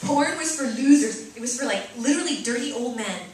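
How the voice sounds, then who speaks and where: A Catholic sister from Boston giving a lively, chatty talk to students and parents, often checking in with "right?". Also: female voice, high-pitched, a little fast, slight background noise. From Boston, USA. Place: large room with an audience. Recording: echoey room, mic far off.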